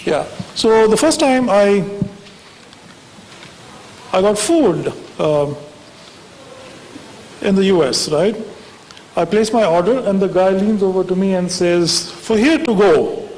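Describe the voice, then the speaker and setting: Speaking slowly with long pauses, a conference speaker delivers a wry, conversational talk, frequently asking the audience "right?". His high-pitched voice has lively intonation and a darkish tone, heard in a reverberant conference hall with faint hiss.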